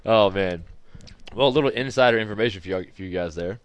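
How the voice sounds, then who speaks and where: A man's voice: lowish voice, fast talker, clear, resonant tone. A man hosting a casual sports radio show in a studio, a football quarterback who jokes and laughs often in loose, chatty talk.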